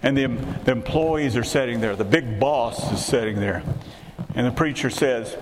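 A man's voice: medium pitch, normal speed. An older man, preaching a sermon in a conversational way and putting rhetorical questions to the congregation. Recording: echoey hall with clear background hiss.

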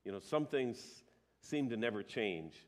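A man's voice: medium pitch, very animated, unhurried. A male pastor giving a sermon. He talks in a conversational way, with emphatic rises and some hesitations.

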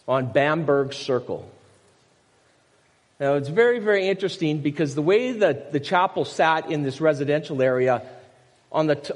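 Older man, pastor, chatty storytelling sermon, slightly high voice, long church reverb. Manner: storytelling with asides and rhetorical questions. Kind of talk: conversational sermon. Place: church sanctuary.

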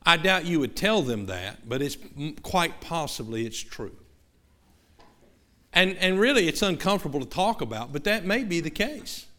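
Southern-accented male pastor, highish voice, conversational sermon with lots of restarts and asides to the room. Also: big pitch swings, moderate pace, sharp tone. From American South.

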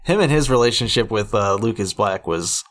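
A man's voice: lowish voice, animated, a little fast. A man co-hosting a casual film chat podcast, rambling and self-deprecating with many restarts. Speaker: podcast co-host.

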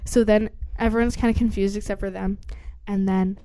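A woman retells a book's plot in casual conversation, chatty and full of fillers, breaking into little acted-out lines along the way. Her voice is mellow and soft-edged at a middle pitch, level in tone and fairly quick.

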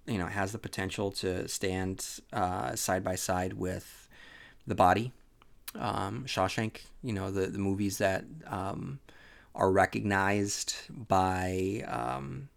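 Speaking slowly with a low, steady voice and vocal fry, a drowsy man discusses a book alone on his home podcast on a rainy day, rambling with many fillers and restarts.

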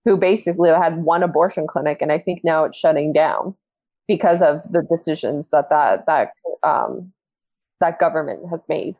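Female podcast co-host, low voice, dry close mic, relaxed with easy laughs. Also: normal speed, no room sound. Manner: relaxed, laughs between points. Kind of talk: casual political chat.

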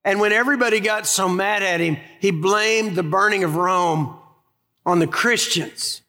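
A high-voiced male pastor delivering a sermon in a hall with a long echo. He preaches with emphasis, drawing out key phrases and then rushing through light asides. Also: bright, forceful tone. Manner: emphatic, storytelling preacher, shifts between slow stress and quick asides.

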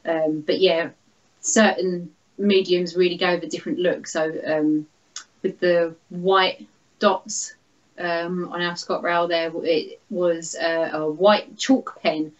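A woman's voice: on the low side, fairly even intonation, takes it slowly. Chatty woman, slightly muffled recording. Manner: chatty, laughs often, many fillers. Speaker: guest artist. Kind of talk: casual interview.

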